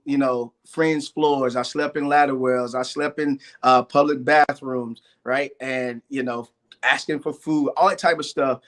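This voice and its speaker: A man's voice: fairly high pitch, fairly bright tone. A middle-aged man, a guest entrepreneur, telling his life story earnestly in a live interview, repeating phrases and stacking up lists of hardships.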